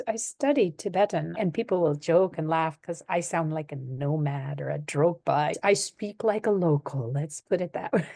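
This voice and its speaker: A woman from the United States, a podcast guest telling animated anecdotes in conversation and laughing often. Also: deep voice, normal speed, vocal fry, dry recording. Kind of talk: conversational storytelling.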